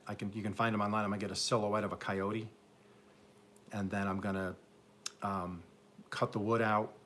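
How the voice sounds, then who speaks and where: Upstate New York man, lowish voice, rambling self-mocking live-stream host, faint outdoor hum behind. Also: fairly bright tone. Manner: rambling, self-mocking, joking with chat viewers. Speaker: garden channel host. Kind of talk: live-stream casual chat. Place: home garden, Oklahoma.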